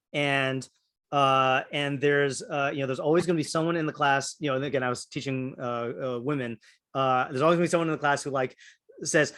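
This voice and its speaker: In a Torah class discussion, a man reasons out loud, full of fillers and false starts, while calling on his students. He speaks with a medium-pitched, bright voice and a forceful tone.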